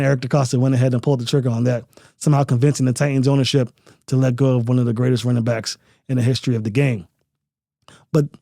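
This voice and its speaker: A man hosts a sports podcast in an emphatic, casual way, leaning on repeated phrases. His voice sits a little high but sounds mellow. The recording is dry and close. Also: dry recording. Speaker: podcast host.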